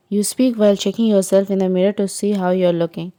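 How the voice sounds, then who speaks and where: Mellow woman reading a story. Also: mid-range voice, steady tone, quick pace, hardly any pauses, no room sound. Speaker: story narrator. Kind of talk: second-person fan fiction reading.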